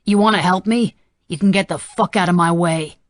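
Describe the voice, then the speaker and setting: A jittery young man , as a woman narrator voices him, spits out sneering, crude threats in an audiobook. His delivery is menacing and unstable. The voice sits fairly low and the recording is close and dry. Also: moderate pace, dry recording, lightly acted. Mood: threatening. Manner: sneering, foul-mouthed threats.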